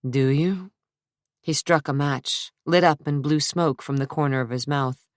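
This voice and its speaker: A woman narrating an audiobook in a measured, unhurried way, close to the mic. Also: sits low, steady tone, no room sound. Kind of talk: scripted narration.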